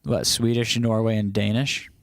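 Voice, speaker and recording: A man's voice: fairly low pitch, steady tone, moderate pace, vocal fry, no echo. Host, male, casual stream chatter, dry close mic, slightly scratchy throat. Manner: loose, chatty, reacts to chat messages. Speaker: livestream host. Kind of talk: casual chat reading live comments.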